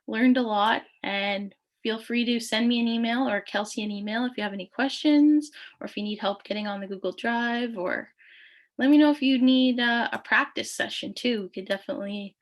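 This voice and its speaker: Patient woman teaching words slowly. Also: fairly high pitch. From Thunder Bay, Canada. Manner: patient, repeats phrases slowly with many fillers. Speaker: language teacher. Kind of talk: online language lesson.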